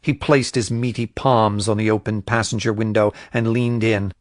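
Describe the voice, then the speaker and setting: A man narrating a crime thriller audiobook in a measured, even storytelling voice. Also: on the low side, dry recording, clean studio sound. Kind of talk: scripted narration.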